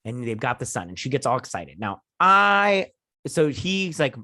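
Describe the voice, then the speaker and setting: A man's voice: mid-range voice, very animated, a little fast, no room sound, studio quality. A man hosting his own channel, giving a casual, rambling recap and review of a TV episode. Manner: rambling, chatty, lots of "he's all like" retelling. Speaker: TV show reviewer and channel host.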